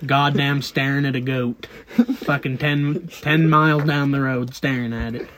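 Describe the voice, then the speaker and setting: A man's voice: medium pitch, steady tone, unhurried, a bit bright. A young man on a casual podcast telling a story bluntly, swearing freely. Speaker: podcast co-host. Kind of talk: casual crude chat.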